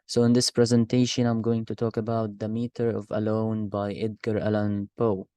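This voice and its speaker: A man's voice: fairly low pitch, completely flat delivery, moderate pace, warm tone, smooth, no room sound. A young man giving a class presentation, reading a poem and explaining its meter with some hesitant fillers and repeated words. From Gaza. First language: Arabic. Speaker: university student presenting.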